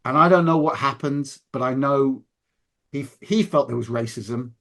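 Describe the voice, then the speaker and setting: A man's voice: mid-range voice, normal speed, fairly bright tone. A man in casual conversation, talking earnestly and with emphasis, often restarting his sentences.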